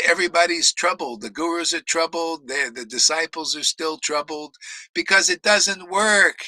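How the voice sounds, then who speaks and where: A man's voice: on the high side, bright, forceful tone, no room sound, rough recording. A man preaching a blunt, combative sermon, swearing for emphasis and laughing between remarks. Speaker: spiritual teacher. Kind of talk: ranting sermon.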